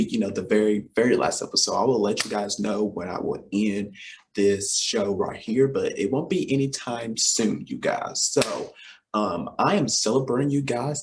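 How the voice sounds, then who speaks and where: A lively young man in his twenties talks straight to his audience in a somewhat low voice, keen and full of repeats and fillers. A faint hiss of noise sits under the recording. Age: 20s. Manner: enthusiastic, repetitive, lots of fillers and direct address. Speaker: host. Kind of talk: casual solo talk show.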